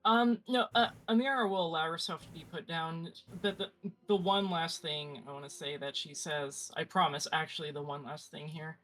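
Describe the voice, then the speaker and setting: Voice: mid-range voice, fairly even intonation, moderate pace, fairly bright tone, low-quality recording. A player in a tabletop game, talking hesitantly with stammering restarts.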